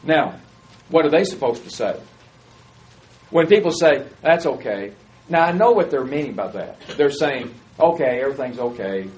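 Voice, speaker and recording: A man's voice: on the high side, very animated, normal speed, long pauses, a little mellow, rough recording. A man preaching a sermon in a conversational way, often putting questions to his listeners. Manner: conversational, asks the audience questions.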